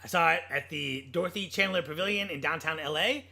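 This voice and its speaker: A man co-hosting a casual podcast chat, blunt and animated, swearing freely as he talks. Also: fairly high pitch, a little fast, vocal fry. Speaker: podcast co-host.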